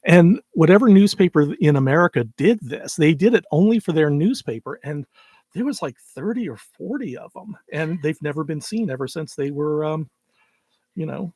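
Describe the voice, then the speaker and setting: A man's voice: a little high, expressive, moderate pace, darkish tone, no echo, studio quality. A man co-hosting a casual film review podcast, laughing a lot and tripping over his words. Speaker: podcast co-host and publisher.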